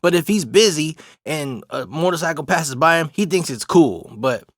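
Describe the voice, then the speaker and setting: A man's voice: fairly high pitch, expressive, moderate pace, dry recording, clean studio sound. A young adult man casually telling a funny story, swearing a lot and often laughing. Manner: profane, laid-back, laughs often.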